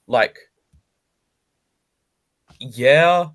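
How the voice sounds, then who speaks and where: A man co-hosting a casual podcast chat, speaking in a measured way and starting his points hesitantly. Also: mid-range voice, fairly bright tone. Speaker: podcast co-host.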